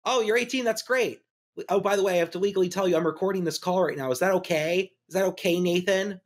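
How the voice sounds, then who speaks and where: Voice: mid-range voice, fast talker, pitched above the performer's own voice, natural voice. A podcaster impersonating a creepy older male TV producer, who talks in a sing-song, wheedling way over a phone call.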